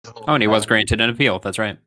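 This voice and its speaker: A man co-hosting a podcast, chatting casually with dry, quick-witted remarks. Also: fairly low pitch, pushed and bright, no room sound. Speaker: podcast co-host. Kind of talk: casual chat.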